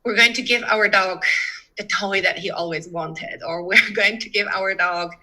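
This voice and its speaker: A young adult woman dog trainer, explaining advice in an interview in a lively way and acting out little voices as she goes. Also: medium pitch, normal speed, rough recording.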